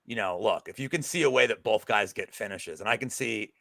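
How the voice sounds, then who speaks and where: A man co-hosting a betting podcast in casual chat, an animated, jokey storyteller who swears freely. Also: on the low side, brisk, gravelly, no room sound.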